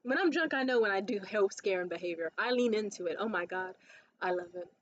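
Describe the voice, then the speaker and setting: A woman's voice: medium pitch, brisk. Woman, comedy producer, blunt profane vlog rant; slightly muffled recording with light background noise. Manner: blunt, profane, animated storytelling. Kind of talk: casual rant to camera.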